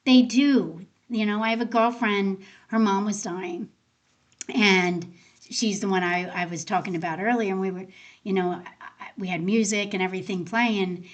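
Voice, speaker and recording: A woman's voice: mid-range voice, normal speed. Woman, podcast guest, end of life doula, chatty storytelling, mid-range voice, acts out quoted lines. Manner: animated, acts out quoted dialogue in her stories. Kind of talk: casual conversational storytelling.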